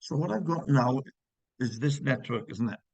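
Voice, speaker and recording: A man's voice: mid-range voice, animated, moderate pace, creaky, a little mellow, slightly rough, no room sound, lo-fi sound. A man teaching physics in a live online class, checking students' answers with encouragement and working through problems step by step.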